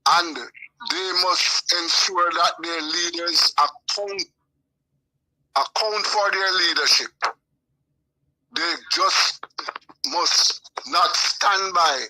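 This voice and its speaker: Slow, bright-toned older man. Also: a little high, poor audio. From Jamaica. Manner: slow, deliberate and measured. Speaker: journalist and radio host guest. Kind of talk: closing remarks on a call-in.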